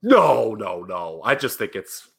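Animated, bright-voiced man ranting. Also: lowish voice, measured pace, vocal fry, slightly rough. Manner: animated, critical, swearing, rants with emphasis. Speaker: podcast co-host. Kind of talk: casual wrestling podcast chat.

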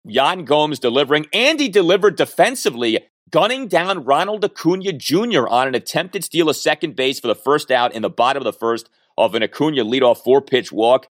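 A man co-hosting a casual baseball talk show, talking in an animated, emphatic way. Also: fairly high pitch, brisk, hardly any pauses, dry recording, studio quality. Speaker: baseball podcast co-host.

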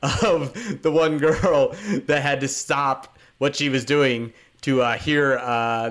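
A man's voice: medium pitch, steady tone, slow, few pauses, fairly bright tone. A man co-hosting a podcast in casual chat, joking wryly and poking fun at himself. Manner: wry, self-deprecating joking. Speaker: podcast co-host.

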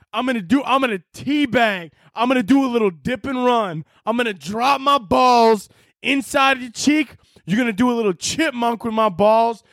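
A man's voice: extremely high pitch, no room sound, clean studio sound, pitched above the performer's own voice. A man putting on the voice of a crude frat-boy military officer who barks orders at pledges. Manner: barking drill-sergeant shouts.

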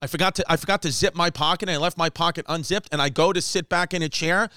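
A man telling a comic story in a fast, animated way, acting out quoted lines with Spanish asides. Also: on the high side, clean tone, no echo, clean studio sound. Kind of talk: casual storytelling monologue.

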